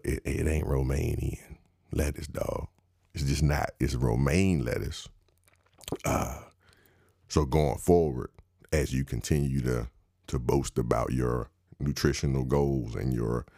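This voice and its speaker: A young man, giving a wry, mock-instructive comedic rant that jumps high in pitch for emphasis. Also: vocal fry, a little mellow, no room sound, clean studio sound.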